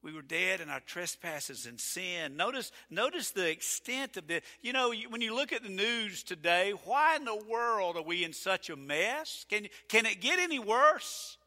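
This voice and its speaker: Bright-voiced pastor preaching in a hall. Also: male voice, sits high, very animated, normal speed, hardly any pauses. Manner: folksy, emphatic preaching with sudden loud peaks. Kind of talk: sermon. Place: church sanctuary. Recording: reverberant church sanctuary.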